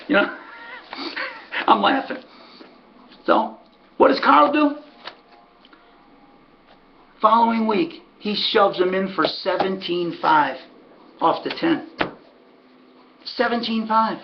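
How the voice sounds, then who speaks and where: A podcast host with an extremely high voice tells a long story casually, speaking slowly and pausing often. He is animated and acts out the voices of the people he quotes. The audio is dull and lo-fi.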